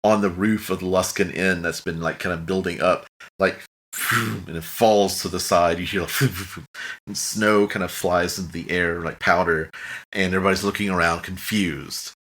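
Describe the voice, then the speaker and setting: A man's voice: low voice, steady tone, moderate pace, a bit bright. A man narrating a tabletop game as game master in a casual, rambling way, slipping into brief character voices.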